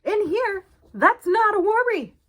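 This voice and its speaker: A woman's voice: very high voice, sing-song, unhurried, fairly bright tone, pitched above the performer's own voice, heavily acted. Woman doing a grand, smug storybook duck. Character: calm, smug male duck living in a wolf. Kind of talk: reading a picture book aloud.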